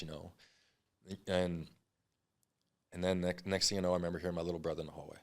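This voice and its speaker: Fast-talking low-voiced man. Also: steady tone. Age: 30s. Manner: blunt, frequent swearing, rapid storytelling. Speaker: podcast guest. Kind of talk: candid storytelling interview.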